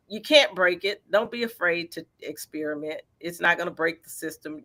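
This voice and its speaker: A woman, a featured artist, answering interview questions in a lively, encouraging way with everyday examples. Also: medium pitch.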